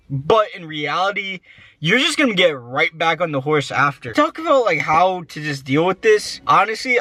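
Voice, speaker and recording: A man's voice: on the high side, bright, forceful tone, no echo. A young man, a college student, talking candidly to his phone while walking outdoors in the cold, out of breath and swearing casually. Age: young adult.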